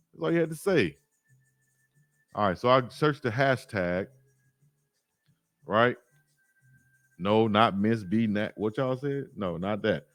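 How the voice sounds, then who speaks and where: A man from Alabama, hosting a sports livestream, telling stories in a slangy, lively way and reading chat comments aloud. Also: medium pitch, no echo. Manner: slangy, animated storytelling, reads chat aloud. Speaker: sports YouTube host.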